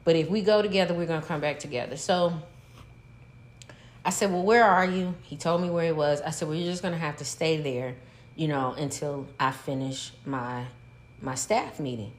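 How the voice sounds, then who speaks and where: A middle-aged woman telling a story in casual chat, animated and profane, breaking into laughter. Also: sits low, normal speed. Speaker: podcast co-host, mother.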